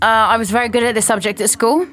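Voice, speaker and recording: A woman's voice: on the high side, fairly even intonation, fast talker, a bit bright. A woman co-hosting a radio show, bubbly and teasing in casual studio banter. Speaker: radio co-host.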